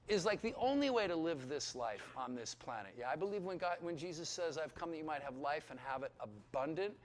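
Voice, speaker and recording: A man in his fifties, a pastor telling his testimony to Bible school students, animated and acting out the conversations he recalls. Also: sits high. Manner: animated storytelling, acts out dialogue; emotional, near tears.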